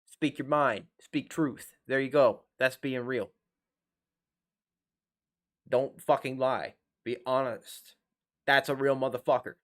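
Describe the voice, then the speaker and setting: A man's voice: medium pitch, fairly even intonation, slow pace, pauses often, a bit bright. A man hosting a live reaction stream, talking bluntly and profanely in a casual rant into a desk microphone at home. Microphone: desk USB microphone.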